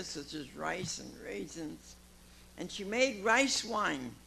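Gravelly, bright-voiced woman in her nineties. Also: fairly low pitch, slight background noise, rough recording. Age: 90s. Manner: folksy storytelling, calls listeners honey, laughs often. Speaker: recovery meeting speaker. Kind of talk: personal testimony talk. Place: meeting room before an audience.

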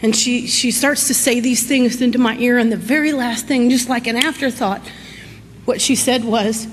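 Woman, middle-aged, high voice, telling her recovery story in an echoey hall, faint hiss. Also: normal speed. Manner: folksy, animated, laughs through her story. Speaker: recovery meeting speaker. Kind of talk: personal recovery talk.

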